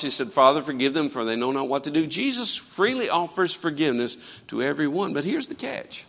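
A man preaching a sermon in a church, swinging between quiet earnest stretches and fervent raised passages. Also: a little high, very animated, a little fast, vocal fry, hardly any pauses, long reverb tail. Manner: impassioned preaching with rising and falling intensity. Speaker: pastor. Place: church sanctuary.

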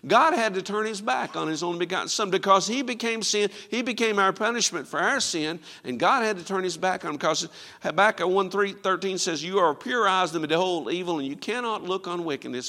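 A man preaching a sermon, quoting scripture and swinging from loud, ringing lines to hushed ones. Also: high voice, fairly quick, gravelly, hardly any pauses, big-room sound.

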